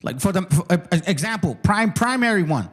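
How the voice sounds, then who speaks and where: A man's voice: sits high, big pitch swings, a little fast. A man hosting a live online debate, combative and profane, who interrupts constantly and repeats himself. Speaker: host of a live debate stream.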